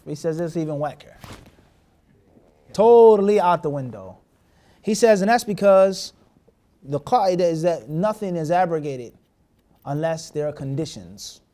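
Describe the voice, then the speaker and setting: A man's voice: fairly high pitch, lively intonation, unhurried, long pauses, dark tone. A man teaching a classroom hadith lesson, mixing Arabic terms into his English and often stopping to check that his students follow. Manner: asks the class rhetorical check questions. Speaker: Islamic teacher.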